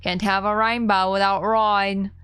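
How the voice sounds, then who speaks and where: Brief: young woman game streamer, mid-pitched voice, giggly and chatty, desk mic. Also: level tone, a little slow, a bit bright, clean tone, dry recording, clean studio sound. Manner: giggly, chatty, easily startled. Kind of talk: casual live-stream commentary.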